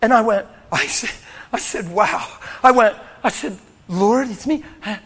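A man preaching a sermon, telling a story with animated bursts of shouting and laughter. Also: high-pitched, a little slow, husky.

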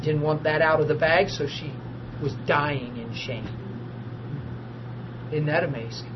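A man, preaching and telling a personal testimony, swinging from hushed talk to loud tearful laughter. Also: a little high, measured pace. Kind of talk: testimony storytelling. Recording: dull lo-fi audio with noise.

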